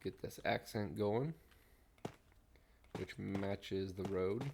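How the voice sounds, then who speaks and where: A middle-aged man streaming a game, talking in a mellow, rambling way and humming to himself while he builds, recorded at a desk mic. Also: low-pitched, flat delivery, a little slow, creaky, background noise. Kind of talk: relaxed gameplay commentary.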